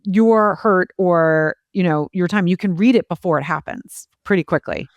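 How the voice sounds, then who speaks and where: A woman hosting a podcast in casual conversation, candid with quick asides and casual swearing. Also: lowish voice, no echo, lo-fi sound. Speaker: podcast host.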